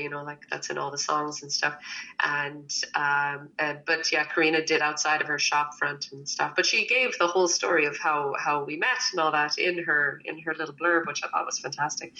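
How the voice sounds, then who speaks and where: A woman's voice: low-pitched, sharp tone, lo-fi sound. A woman chatting casually, telling a story and animatedly quoting what other people said. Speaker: guest, baker and cookbook author. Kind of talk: casual chat.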